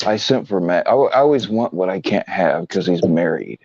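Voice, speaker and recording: Very low, gravelly man, sarcastic co-host, dull dry mic. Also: expressive, moderate pace, darkish tone, dry recording. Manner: stammering, sarcastic. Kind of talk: casual livestream banter. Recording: dull lo-fi stream audio.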